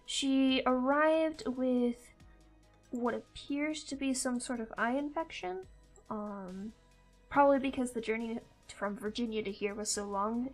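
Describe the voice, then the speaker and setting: A woman's voice: a little high, rough recording. A woman hosting a live stream, chatting casually and rambling as she plays, swearing now and then. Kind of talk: casual live-stream chat while drawing and gaming.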